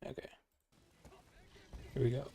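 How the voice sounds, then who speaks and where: A young man with a gravelly voice, chatting casually and slangily as a gaming host reviewing footage. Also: measured pace, dark tone, a little hiss or hum. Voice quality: gravelly, like a chain smoker. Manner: laid-back, slangy. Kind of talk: casual chat while reviewing gameplay footage.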